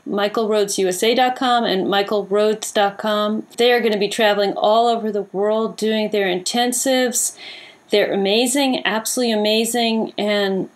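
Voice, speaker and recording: A woman hosting an interview, warmly effusive and emotional as she thanks her guests. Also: on the high side. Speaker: host. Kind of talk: interview host.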